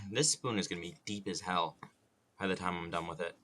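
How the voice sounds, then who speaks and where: A man's voice: deep voice, brisk, bright, forceful tone, slight background noise. A man streaming while he carves wood, chatting casually, joking and muttering to himself with some mild swearing.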